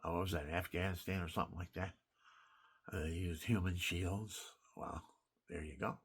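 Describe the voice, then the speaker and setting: A man's voice: deep voice, steady tone, normal speed, breathy edge. An older man, a military veteran, telling war stories in a rambling, emphatic spoken monologue that wanders and restarts.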